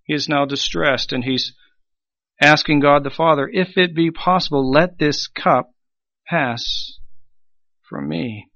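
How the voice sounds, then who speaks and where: A man preaching a sermon with emphasis, swelling on key phrases and dropping low at the ends. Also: takes it slowly, pauses often, pushed and bright, dry recording, lo-fi sound. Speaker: pastor.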